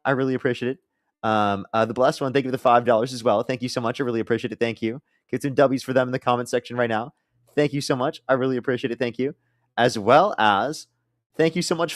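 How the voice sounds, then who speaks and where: A man's voice: medium pitch, fast, dry recording, clean studio sound. A man hosting a live-stream debate, blunt and profane, pressing his opponent and reading out donor thanks.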